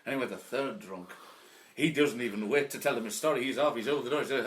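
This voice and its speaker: A man's voice: mid-range voice, fast. A man doing a stand-up routine of pub jokes, rambling through his stories with lots of restarts and fillers. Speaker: comedian. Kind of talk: stand-up pub joke telling.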